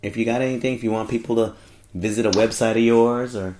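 A man's voice: medium pitch, fairly even intonation, fast, crowd noise. A man hosting a podcast in casual chat, joking and rambling, often trailing off while he hunts for words. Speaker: podcast host.

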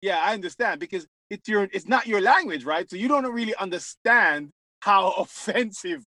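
A man from Africa chatting casually in an animated way, often repeating words for emphasis. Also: sits high, moderate pace, no echo, studio quality. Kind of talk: casual chat.

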